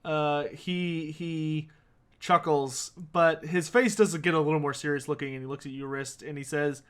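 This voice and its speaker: A man narrating a tabletop game as game master, in a relaxed way with many fillers. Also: a little high, normal speed, clear, resonant tone.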